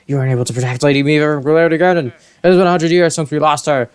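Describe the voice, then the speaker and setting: A man's voice: a little high, fairly even intonation, racing, clean tone, pitched above the performer's own voice, natural voice. A man doing a hot-headed fish-folk guard. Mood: indignant. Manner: accusing, indignant.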